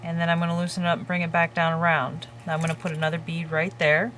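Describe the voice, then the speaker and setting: Low-voiced woman calmly explaining a craft. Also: a little hiss or hum. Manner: calm, unhurried, talks while working with her hands. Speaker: crafting tutorial host. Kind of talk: step-by-step craft demonstration.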